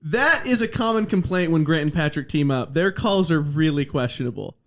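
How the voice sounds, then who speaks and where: A woman's voice: low voice, animated, moderate pace. A woman co-hosting a casual podcast, reacting to a story and adding her own details. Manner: chimes in with reactions and laughter. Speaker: podcast co-host. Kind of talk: casual chat.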